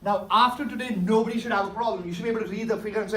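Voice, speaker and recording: A man's voice: high voice, fairly even intonation, very fast, sharp tone. A man teaching a math class, coaxing students along and checking often that they follow. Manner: coaxing, keeps checking understanding. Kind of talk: classroom lecture with questions to students. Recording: echoey classroom from far off, faint hiss.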